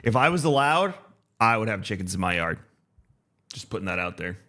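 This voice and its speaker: A man in his thirties co-hosting a podcast in casual chat, relaxed and halting, with many fillers. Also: lowish voice. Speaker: podcast co-host.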